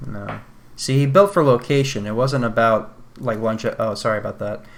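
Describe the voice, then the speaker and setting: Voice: mid-range voice, moderate pace. A let's play host chatting and joking casually while playing a game, swearing often. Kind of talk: casual gaming chat.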